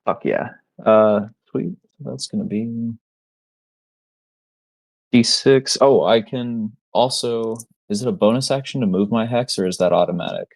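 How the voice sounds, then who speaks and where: A man with a very low voice plays in a tabletop game, describing his character's attacks in loose, casual speech. The sound is dry and close, with no room echo. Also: unhurried, gravelly, darkish tone. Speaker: player.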